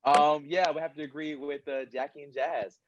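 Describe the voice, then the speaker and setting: A man on a panel, chatting in an animated, storytelling way over a video call. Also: fairly high pitch, moderate pace, highs cut off, a loud crowd. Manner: animated, storytelling, often says "literally". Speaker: actor on a fan convention panel. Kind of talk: casual panel chat.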